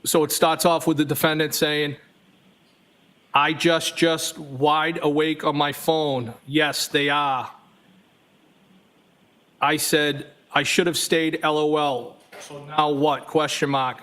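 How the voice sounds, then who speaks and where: A man's voice: on the high side, flat delivery, slow pace, a bit bright. A man testifying as a trial witness, reading text messages aloud evenly and speaking the punctuation marks.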